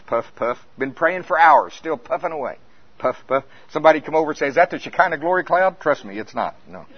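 An older man preaching with lively storytelling, his voice a touch high for a man. The recording is dry and a bit muffled, with little room sound. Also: slightly rough, no room sound. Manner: animated storytelling, acts out scenes. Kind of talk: sermon. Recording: dull lo-fi recording.

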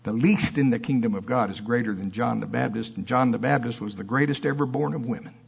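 A man preaching a sermon in church with fiery emphasis that drops into soft asides. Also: medium pitch, quick pace, vocal fry, breathy edge, highs cut off.

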